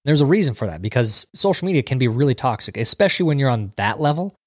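Here a livestream host with a mid-range voice talks quickly, his pitch swinging widely as he reads out viewer comments and chats about them. The sound is studio quality with no echo.

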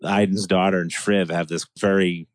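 A man's voice: deep voice, flat delivery, moderate pace, no echo. A man talking in a casual podcast chat, enthusiastic and rambling, with restarts and laughs.

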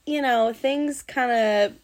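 Her voice is fairly high and her pace slow. A young woman from the US Pacific Northwest, guesting on a podcast, shares the story of a bad date with the host, chatting casually, rambling, and using plenty of fillers and swear words.

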